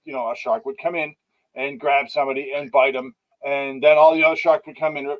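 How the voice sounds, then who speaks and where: A man's voice: mid-range voice, fairly even intonation, a little fast, highs cut off. A man co-hosting a podcast, ranting in an exasperated, casual way about a bad movie. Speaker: podcast co-host. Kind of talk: casual movie review chat.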